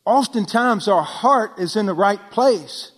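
A man with a high voice delivers a sermon in a church with long, ringing reverb. He talks casually, tosses rhetorical questions to the room, and drops almost to a hush to stress key points. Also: expressive, slow. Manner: preaching with sudden drops to near-whisper for emphasis; conversational, asks the listeners rhetorical questions. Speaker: pastor.

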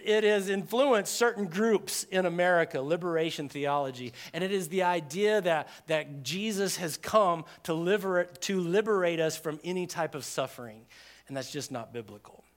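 A man preaching a sermon in a conversational, animated way, acting out quoted voices. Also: fairly high pitch. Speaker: pastor.

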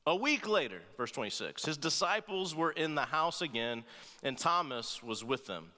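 A man's voice: fairly high pitch, sing-song, normal speed, sharp tone. A man preaching a sermon as pastor, talking conversationally and often checking in with "right?" and playful asides. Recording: long reverb of a large hall.

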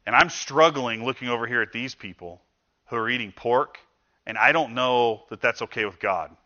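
A pastor preaches in an easy, conversational style, dropping into quoted voices to drive home his points. His mid-range voice is bright and forward at a normal pace, though the recording is somewhat dull and lo-fi.

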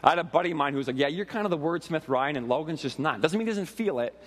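A man in his forties preaching a sermon with animated, conversational storytelling and frequent asides to the congregation. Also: a little high, racing, in a large hall. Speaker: pastor.

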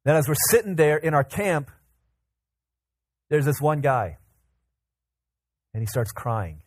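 A male pastor delivering an energetic, conversational sermon, his voice sitting a little high for a man. He stumbles and repeats words as he builds his examples. The sound is dry and close, with little room around it. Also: takes it slowly, no echo. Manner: lively, repeats and restarts words, uses everyday examples. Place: church service with congregation.

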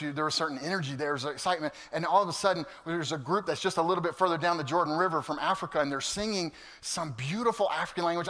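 A man preaching a sermon to his congregation, animated and storytelling, swinging from loud to hushed. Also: a little high. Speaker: pastor. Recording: long hall reverb.

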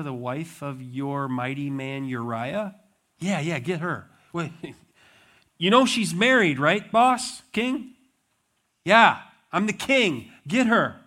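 Male pastor, sermon, lively storyteller who acts out dialogue, voice sits a little high. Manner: animated storytelling with acted-out dialogue.

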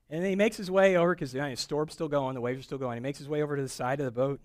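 A man's voice: medium pitch, expressive, racing, few pauses, dry recording. Middle-aged guy preaching, joking around, does little voices, dry close sound. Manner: conversational, jokey, acts out voices of the people in the story. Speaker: pastor. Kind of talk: sermon.

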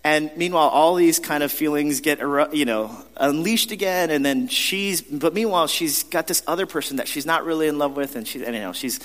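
Conversational pastor in a reverberant hall. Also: male voice, fairly high pitch, fairly quick, few pauses, fairly bright tone. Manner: conversational, self-deprecating storytelling with frequent restarts. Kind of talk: sermon. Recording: long reverb of a large hall.

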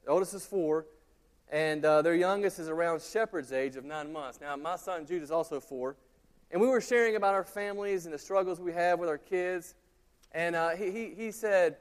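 A man in his thirties preaching a sermon, telling stories in a conversational, animated way with asides to the congregation. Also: on the high side, normal speed, clear, resonant tone, long reverb tail. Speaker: pastor. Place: church sanctuary.

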